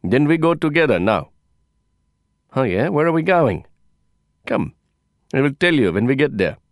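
A man voicing a calm, purposeful grown man who speaks in a terse, measured, commanding way. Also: medium pitch, no room sound, clean studio sound, voice pushed up, natural voice. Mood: matter-of-fact. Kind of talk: audiobook character voice.

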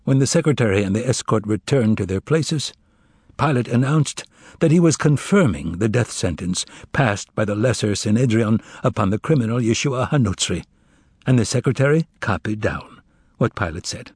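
A man giving a measured, dramatic audiobook narration of a novel. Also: on the low side, animated, darkish tone, breathy edge, no room sound, clean studio sound. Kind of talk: scripted literary narration.

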